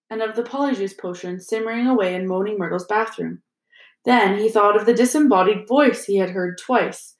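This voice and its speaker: A woman reading a storybook aloud in a steady, even storytelling manner. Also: medium pitch, echoey room. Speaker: audiobook reader. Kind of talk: scripted narration.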